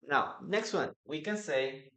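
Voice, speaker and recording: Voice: medium pitch, slow pace, a bit bright. A teacher gives a live online English lesson, repeating example phrases and reading out student comments. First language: Spanish.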